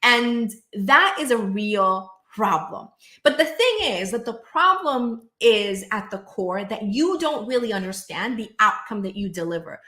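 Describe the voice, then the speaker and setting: A bright, forceful woman coaching straight to camera, energetic and emphatic, with lots of "like" and "right?" tags. She slips into quick voiced asides of her clients' worried thoughts. The room around her rings with a noticeable echo. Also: mid-range voice. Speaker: business coach. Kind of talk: direct-to-camera coaching monologue.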